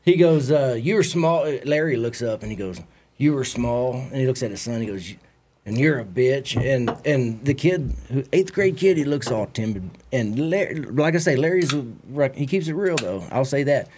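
A man's voice: medium pitch, expressive, moderate pace, background noise. A man with a Texan accent telling a rambling, profane story on a podcast, acting out what others said. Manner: profane, rambling anecdotes with acted-out quotes. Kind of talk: casual storytelling.

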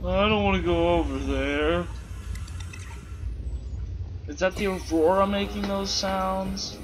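A man's voice: high voice, fairly even intonation, slow, noisy background. A man doing goofy, rambling let's play commentary, full of silly wordplay, over game sounds. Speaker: gameplay commentator.

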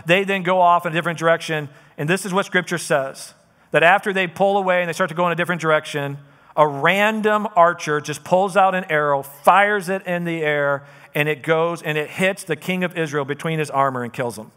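A male pastor delivers a sermon, retelling scripture with lively, conversational storytelling. His voice sits high and sounds bright and forceful. It carries the long reverb of a large hall. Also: fairly quick. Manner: lively storytelling, paraphrasing scripture with casual asides. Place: church auditorium.

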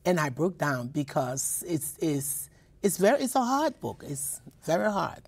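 A woman's voice: deep voice, sing-song, unhurried, husky. A woman from Liberia, a poet and professor, telling personal stories in a radio interview, with many repeats and restarts. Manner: emotional, repeats words, restarts often.

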